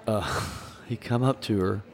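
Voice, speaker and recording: A man's voice: on the low side, lively intonation, unhurried. A man who was once a minister, talking earnestly and telling stories in a candid conversation about grief. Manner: storytelling, earnest, preacherly. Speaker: podcast host, former minister.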